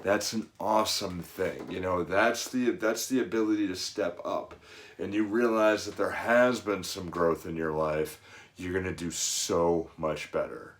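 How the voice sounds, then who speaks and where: A man's voice: deep voice, fairly even intonation, a little slow. A middle-aged man, a fitness coach, giving an earnest, rambling motivational monologue full of "you know" asides.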